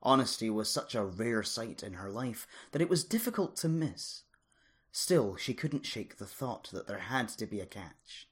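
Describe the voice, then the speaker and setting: An expressive storyteller reading an adventure novel aloud, the pitch swinging widely through each sentence. The voice has a husky, slightly breathy texture and a dramatic delivery. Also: measured pace. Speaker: audiobook narrator. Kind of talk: scripted story narration.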